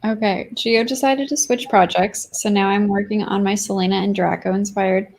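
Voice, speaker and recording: A woman's voice: mid-range voice, fairly even intonation, normal speed, darkish tone. A woman guest on a livestream, chatting casually about writing and poetry.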